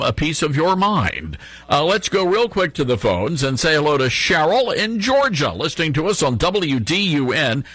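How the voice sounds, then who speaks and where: A man's voice: fairly high pitch, sharp tone, dry recording. A middle-aged man hosting a conservative talk radio show from a studio, sarcastic and mocking. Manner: sarcastic, mocking asides with chuckles. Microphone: studio microphone.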